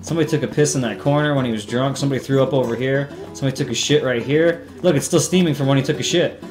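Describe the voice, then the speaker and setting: A man's voice: mid-range voice, very fast. A young man doing casual, profane, sarcastic commentary while playing a video game. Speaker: let's play host. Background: game music.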